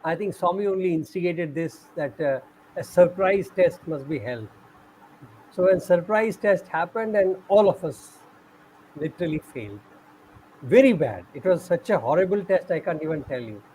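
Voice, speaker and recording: Animated man telling stories. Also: fairly high pitch, normal speed, a little hiss or hum, poor audio. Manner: animated storyteller, acts out quoted speech. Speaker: host sharing stories. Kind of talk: conversational storytelling.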